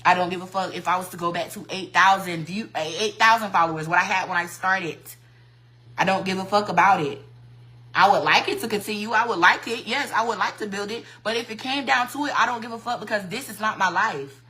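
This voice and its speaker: A woman who works as a hairstylist, ranting bluntly and loudly into her phone on a livestream, full of profanity and combative. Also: mid-range voice, a little fast. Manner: profane, blunt and combative, talks loud on purpose. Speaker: hairstylist and social media creator. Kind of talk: heated livestream rant. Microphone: phone mic.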